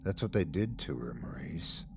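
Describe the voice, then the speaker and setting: A man voicing a sly, menacing uncle in a low, hushed whispered role-play. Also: wildly swooping pitch, unhurried, a little hiss or hum.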